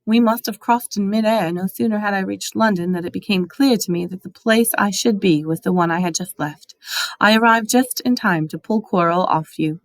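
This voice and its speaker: A woman voicing a calm, kindly old male headmaster wizard who speaks gently and formally, in a dry storybook reading. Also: mid-range voice, normal speed, no echo, close to an everyday voice. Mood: gentle.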